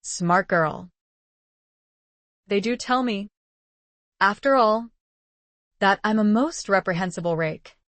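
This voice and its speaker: A woman's voice: mid-range voice, slow pace, pauses often, dry recording, natural voice. A woman reading the lines of a teasing aristocratic male pirate captain, with a drawling, mocking manner.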